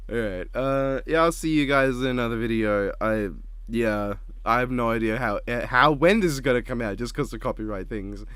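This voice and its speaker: A man's voice: mid-range voice, moderate pace, a bit bright, smooth, no echo. A man hosting a casual reaction chat, laid-back and rambling with frequent giggles. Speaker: channel host.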